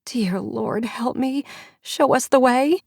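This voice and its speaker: A woman voicing a frightened mother who speaks in a hushed and anxious way, in an audiobook. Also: fairly high pitch, slow pace, vocal fry, breathy edge, no room sound, clean studio sound, pitched above the performer's own voice, exaggerated voice. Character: frightened mother praying for her daughter. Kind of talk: audiobook character reading.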